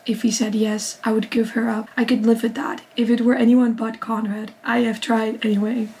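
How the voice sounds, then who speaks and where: Young woman, fairly high voice, book vlogger reading aloud with excited asides. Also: normal speed, rough recording. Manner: reads in a steady first-person narration, bursting into excited reactions. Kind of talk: reading a novel aloud with reactions.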